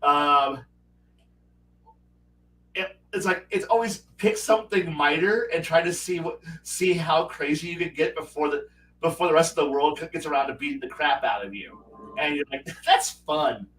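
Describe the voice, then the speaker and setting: A man's voice: a little high, normal speed, fairly bright tone, a little hiss or hum. A man hosting a livestream who chats casually about strategy games, rambling with many restarts and acting out quotes. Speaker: livestream host. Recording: roomy, with a distant mic.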